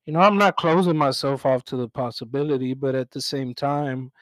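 A young man reflects aloud on a podcast, choosing his words slowly and leaning on fillers as he thinks. His voice is mid-pitched and recorded close and dry. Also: steady tone, fairly bright tone, no echo, poor audio. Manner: measured, reflective with frequent "um" and "you know". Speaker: podcast co-host. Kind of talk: casual chat.

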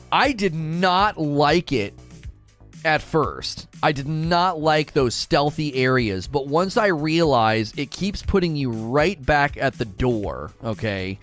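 A man streaming a game, chatting casually with viewers, reading their messages aloud and often restarting his sentences. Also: fairly high pitch. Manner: animated, restarts often, reads chat aloud. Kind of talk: casual live-stream chat while gaming.

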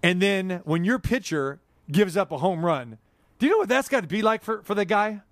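A male sports talk host with a fairly high voice, joking and rambling in casual studio chat. The sound is close and dry, with no room behind it. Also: animated, normal speed, no echo. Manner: chatty, jokey, rambling asides. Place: radio studio.

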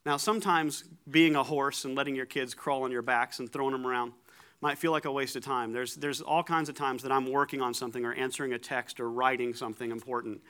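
A man giving a conversational sermon, animated and joking at his own expense, often repeating words as he starts a thought. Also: medium pitch, brisk, smooth. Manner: animated, joking, self-deprecating.

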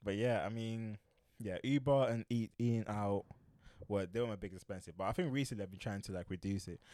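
Young man, low and dry. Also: brisk, dry recording. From Nigeria and Ghana heritage. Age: young adult. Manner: relaxed slangy banter, laughs often. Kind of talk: casual chat.

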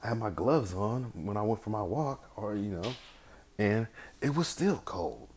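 A man's voice: fairly low pitch, lively intonation, unhurried, a little mellow, a little hiss or hum. A man hosting a podcast solo in a casual, rambling way, with loose slang and frequent swearing. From California. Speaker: podcast host.

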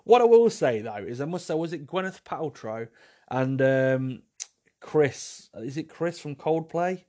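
This podcast host's voice is fairly high and mellow, animated yet a little slow, as he casually rambles through listener questions alone, repeating points and teasing himself with wry humor.

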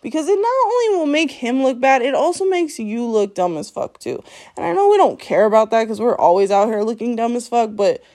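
A woman's voice: on the high side, lively intonation, a little fast, warm tone. A woman hosting her own podcast, ranting bluntly and profanely at her listeners, scolding them and laughing between lines. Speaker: podcast host. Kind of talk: solo podcast rant.

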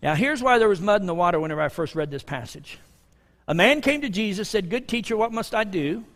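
A man preaching a sermon in a conversational style, swinging between loud emphasis and hushed asides. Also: sits high, expressive, fast talker. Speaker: pastor. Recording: long reverb of a large hall.

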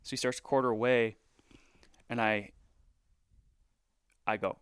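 A man recounting a bowhunt in a casual podcast chat, animated and full of fillers, sometimes dropping into hushed asides. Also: mid-range voice, moderate pace, long pauses, smooth, dry recording, clean studio sound. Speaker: bowhunter guest.

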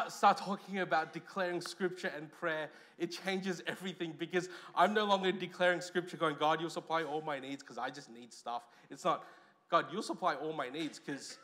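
Aussie pastor guy preaching, kinda high voice, goes loud then real quiet. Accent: Australian. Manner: lively preaching, swings between loud emphasis and quiet asides. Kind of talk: sermon.

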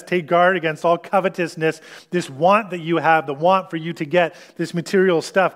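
A man with a notably high speaking voice delivers a sermon as a pastor. He explains scripture earnestly, working through it step by step with pauses and small restarts. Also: a bit bright.

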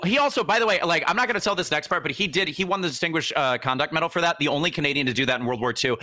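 Excitable high-voiced young man telling history. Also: dry recording. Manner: excitable, laughing, acts out quotes. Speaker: podcast co-host, history segment. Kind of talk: casual podcast storytelling.

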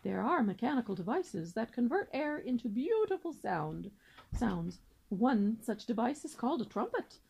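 A woman's voice: on the high side, big pitch swings, normal speed, creaky, darkish tone, slightly rough, heavily acted. A woman reading aloud and voicing a pompous, long-winded male father swan who lectures formally. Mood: lecturing.

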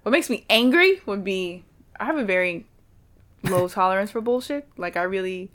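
A woman speaks in a chatty, animated way. She tells her stories with a lot of quoted dialogue, and her voice sits at a medium pitch for a woman. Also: normal speed. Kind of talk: casual chat.

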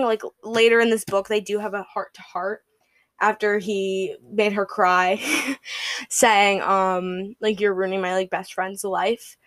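A woman's voice: medium pitch, fairly bright tone, no room sound. Gushing young woman reviewing books. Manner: gushing, rambling with many fillers and "like". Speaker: podcast host. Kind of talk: casual book review chat.

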